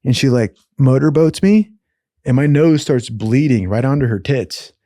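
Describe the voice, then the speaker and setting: Studio-quality audio with no echo captures a man of medium pitch telling wild tales at a normal speed. His casual storytelling wanders, swears freely, and is full of slang, "dude," and side comments, all delivered with animation.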